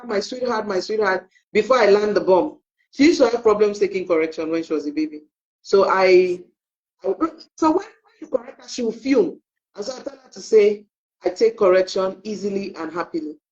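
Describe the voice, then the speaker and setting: A woman's voice: medium pitch, normal speed. A middle-aged woman, a parenting coach, telling family stories on a live online talk and acting out the dialogue. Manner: animated storyteller who acts out quoted dialogue. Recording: dull lo-fi audio.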